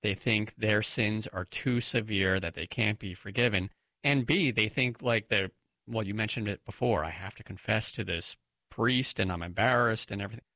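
Brief: male co-host, bright tense tone, lively pitch, dry close sound. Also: dry recording. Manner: emphatic, quick to laugh. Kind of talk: casual chat.

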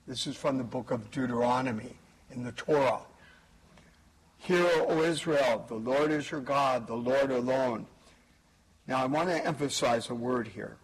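A man preaching a homily at Mass as the priest, slowly and with careful emphasis. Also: mid-range voice, husky, poor audio. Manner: slow, measured preaching with pauses and emphasis.

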